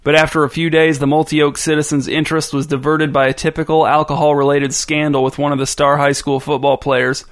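A man's voice: a little high, little pitch movement, fairly quick, hardly any pauses. Man narrating a story wryly.

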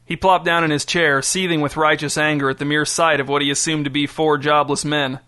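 Bright-voiced male audiobook narrator. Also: fairly high pitch, little pitch movement, fairly quick. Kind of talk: scripted narration.

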